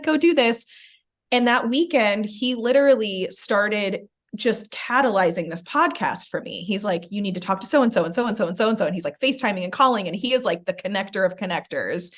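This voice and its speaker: A young adult woman, a podcast host, telling a personal story in casual chat, filling her talk with "like" and acting out what others said. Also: medium pitch. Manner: animated, many "like" fillers, acts out quoted lines.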